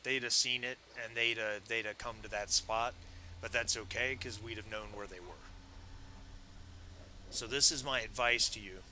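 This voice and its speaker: A man voicing a weary, calm male community leader who speaks slowly and firmly. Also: medium pitch, slight background noise, poor audio. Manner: slow measured speech.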